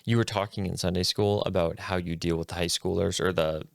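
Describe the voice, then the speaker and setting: A man's voice: deep voice, fairly even intonation, a little fast, creaky, dry recording, studio quality. A man co-hosting a church discussion podcast, thoughtful and searching for his words, with hesitant restarts. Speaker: co-host.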